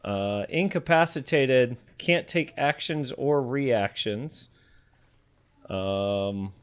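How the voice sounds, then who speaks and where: Male player, measured slow delivery, hesitant, full of fillers, mid-pitched. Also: clear, resonant tone. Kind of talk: casual tabletop play.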